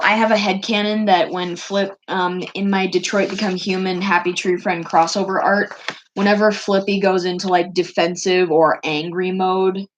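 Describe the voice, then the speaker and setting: A woman's voice: fairly low pitch, a little hiss or hum, poor audio. Chatty woman gushing over her drawings. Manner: chatty, gushing, fond of cute things. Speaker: streamer showing her artwork. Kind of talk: casual rambling chat.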